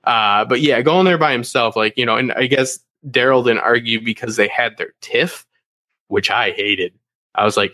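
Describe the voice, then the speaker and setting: A young man on a fan discussion panel, talking casually in an animated, rambling way, with lots of swearing and filler words. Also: medium pitch, moderate pace, dry recording. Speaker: podcast panelist.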